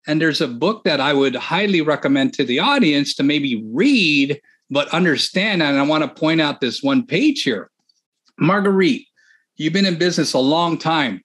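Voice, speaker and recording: A man hosting a podcast on real estate and coaching, talking in an energetic, chatty way and laughing often. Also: a little high, normal speed, slightly rough. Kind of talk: casual chat.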